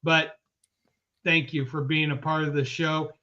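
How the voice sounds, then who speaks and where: A man's voice: fairly high pitch, level tone, a little slow. A man co-hosting a sports podcast, reading out viewers' chat names one by one in a casual, upbeat way. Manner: upbeat, shouting out viewers by name. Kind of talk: casual live-stream chat. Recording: dull lo-fi stream audio.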